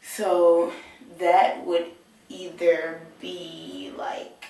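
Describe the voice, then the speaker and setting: A teenage high school girl, talking sassy and playful in a video diary from her bathroom. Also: level tone, drawn-out words, vocal fry, mellow, very echoey, distant mic, a little hiss or hum, poor audio. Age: teens. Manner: sassy, playful, talks to the camera. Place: bathroom with shower.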